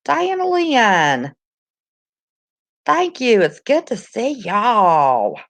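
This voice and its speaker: A woman's voice: a little high, sing-song, drawn-out words, a bit bright. A woman, chatting casually on her livestream, greeting viewers by name and calling them honey. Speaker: livestream host. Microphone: no headphones, device mic.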